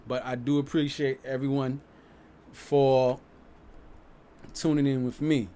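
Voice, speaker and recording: A man's voice: medium pitch, flat delivery, takes it slowly, mellow, smooth. A man casually talking viewers through comedy clips he is reacting to, loose and laid-back.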